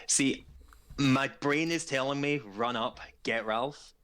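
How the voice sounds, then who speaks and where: Animated male tabletop player. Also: medium pitch, slow pace, clear, resonant tone. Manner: animated, panicky in character. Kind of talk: casual play at a tabletop game.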